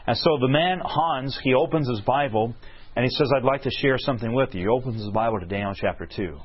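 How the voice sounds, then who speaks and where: A man with a mid-range voice speaks fast as he preaches a sermon, telling a story and posing questions to the crowd that he then answers himself. The recording is lo-fi, husky and dull.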